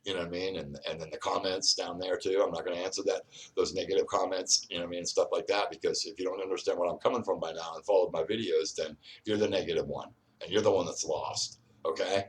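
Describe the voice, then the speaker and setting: A man's voice: low-pitched, fairly even intonation, quick pace. A man hosting his own video, rambling straight at the viewer and often repeating and restarting his words. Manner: confrontational, speaks straight to the viewer. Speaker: video host. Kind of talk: solo vlog monologue.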